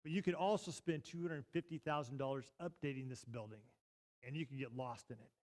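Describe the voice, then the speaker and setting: A man preaching a sermon as pastor, telling a story in a lively way that jumps from loud bursts to hushed asides. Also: medium pitch, fairly quick. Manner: animated, swings from loud to hushed. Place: church sanctuary.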